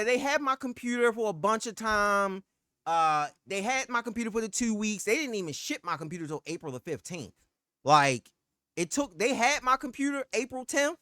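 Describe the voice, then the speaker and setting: A woman's voice: a little high, animated, moderate pace, pushed and bright, dry recording, studio quality. A woman telling a heated, profane story about a bad purchase, in casual storytime style. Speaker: streamer telling a personal story.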